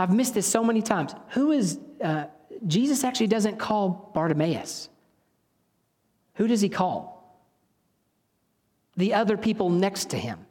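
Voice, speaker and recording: A man preaching a sermon in a casual, storytelling way, often stopping to correct himself. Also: high-pitched. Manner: conversational, storytelling, self-correcting. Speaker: pastor. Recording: long reverb of a hall.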